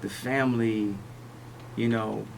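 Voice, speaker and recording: A man speaking as a radio interview guest, talking in slow, halting phrases that he often restarts. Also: on the low side, fairly even intonation, creaky, far from the mic, slight background noise, rough recording.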